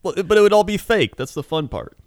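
A man's voice: high-pitched, lively intonation, brisk, dry recording, studio quality. A man co-hosting a casual podcast chat, rambling through stories and laughing often. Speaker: podcast co-host.

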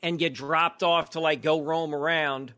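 New dude on a podcast, kinda high bright voice, jokes about himself. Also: male voice, fairly even intonation, a little slow. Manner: self-mocking, wry storyteller. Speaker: podcast co-host. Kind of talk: casual chat.

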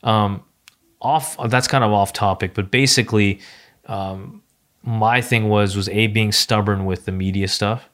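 Male podcast host, 30s, lower register, casual, rambling delivery with frequent restarts. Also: steady tone, unhurried, fairly bright tone. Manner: rambling, many restarts and fillers. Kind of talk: casual conversation.

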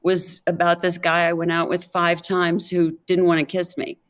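A woman's voice: on the low side, monotone, normal speed. An older woman from Pennsylvania, a podcast guest chatting candidly and telling stories with wry humor. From Pennsylvania, United States. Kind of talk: casual chat.

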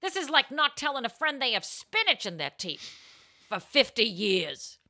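A woman's voice: on the high side, big pitch swings, moderate pace, pushed and bright. A woman co-hosting a comedy advice podcast, brash and crude in her answers. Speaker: co-host answering advice letters.

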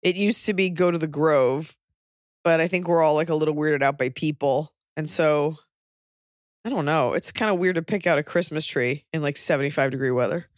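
Wry deadpan woman podcast host. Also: low voice, brisk, no room sound, studio quality. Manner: wry, deadpan jokey rants. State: pregnant. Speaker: podcast host and touring comedian. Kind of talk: casual podcast chat.

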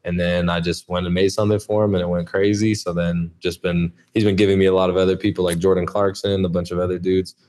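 A man in his twenties, a podcast guest, chatting in a relaxed way and often saying "like". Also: deep voice, fast, hardly any pauses. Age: 20s. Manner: relaxed, lots of "like" fillers. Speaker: podcast guest, college athlete. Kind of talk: casual interview chat.

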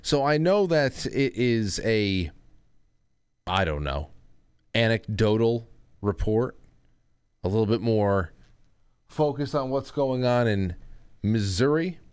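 A man's voice: fairly low pitch, animated, takes it slowly, pauses often, clean tone, dry recording. A man hosting a live talk show, speaking in a loose, rambling, easygoing way. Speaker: host.

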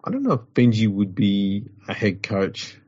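A man's voice: on the low side, big pitch swings, moderate pace, darkish tone, no echo. A man, co-hosting a sports chat show, rambling and wry. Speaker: podcast co-host. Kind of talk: casual chat. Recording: dull lo-fi audio.

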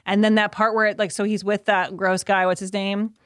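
A woman co-hosting a podcast, chatting through a film recap with loose, giggly energy. Her pitch sits in a middle range for a woman. The sound is dry and close. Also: a little fast, clear, resonant tone, dry recording. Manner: giggly, loose and animated, with lots of fillers. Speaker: podcast co-host. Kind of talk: casual chat recapping a film.

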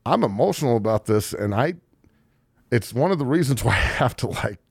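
A man's voice: medium pitch, animated, fairly quick, slightly rough, dry recording, studio quality. A man in his forties, talking casually about sports as a podcast host, heated, profane and emotional. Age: 40s. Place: studio.

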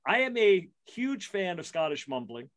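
A man's voice: high voice, sing-song, moderate pace, fairly bright tone. A middle-aged man chatting casually as a podcast co-host, rambling through a story with plenty of restarts and self-deprecating asides. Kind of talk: casual chat.

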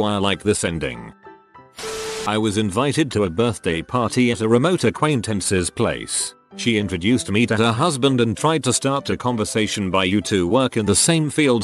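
A man reading internet stories aloud in a steady storytelling manner. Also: on the low side. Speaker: narrator reading online stories. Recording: soft music underneath.

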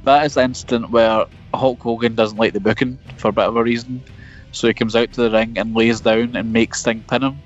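A man's voice: medium pitch, little pitch movement, a little fast, faint music behind. A man co-hosting a casual wrestling podcast from his parked car, jokey, self-mocking and sweary. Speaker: podcast co-host. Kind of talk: casual chat. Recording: dull, lo-fi remote call.

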